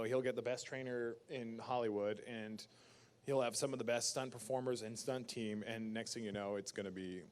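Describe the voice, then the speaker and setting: A man, an actor guest at a fan convention panel, answering questions in a casual, emphatic way with laughs. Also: mid-range voice. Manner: emphatic, animated ranting with laughs.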